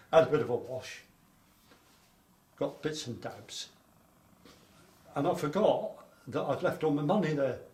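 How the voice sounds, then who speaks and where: A man's voice: a little high, lively intonation, takes it slowly, pauses often, a little mellow. Older man telling wartime stories. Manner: rambling storytelling with repetitions. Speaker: interviewee recalling wartime childhood. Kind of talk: oral history interview. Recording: echoey room, faint background noise.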